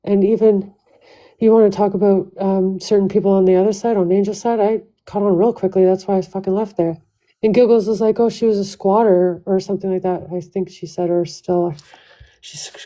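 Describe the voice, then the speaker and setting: A woman's voice: medium pitch, level tone, warm tone, low-quality recording. A woman venting angrily and swearing a lot on her own livestream, talking straight into her phone. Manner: profane, venting, fast restarts. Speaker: livestream host. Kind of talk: heated livestream rant.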